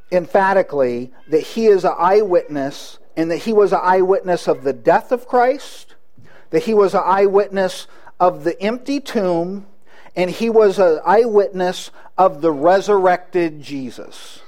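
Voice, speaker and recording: A man's voice: high-pitched, a little mellow. A man preaching a sermon, earnest, with frequent restarts and rhetorical questions to the congregation. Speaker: pastor.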